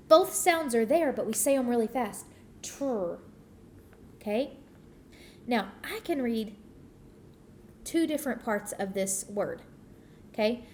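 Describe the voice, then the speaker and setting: A woman's voice: fairly high pitch, a little mellow, slight background noise. A woman teacher giving a patient phonics lesson to young children, sounding out the parts of words.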